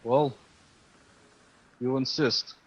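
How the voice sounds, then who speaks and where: A man playing his character in a tabletop game, calm and measured. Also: mid-range voice, husky. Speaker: player. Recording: dull lo-fi audio.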